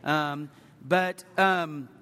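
A man preaching a sermon and sharing his testimony, earnest, rising to loud emphatic peaks and sinking to hushed confession. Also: fairly high pitch, fairly even intonation, extremely slow, smooth. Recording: long hall reverb.

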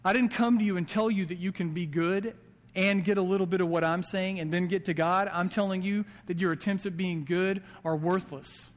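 High-voiced man preaching in a hall. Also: steady tone, brisk. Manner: conversational preaching with quoted asides. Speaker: pastor. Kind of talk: sermon. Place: church sanctuary.

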